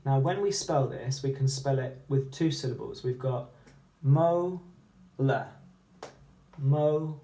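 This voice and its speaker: Man, phonics teacher, slow and deliberate, warm low tone, echoey room. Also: gravelly. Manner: slow, deliberate, sounding out letters. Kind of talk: phonics lesson.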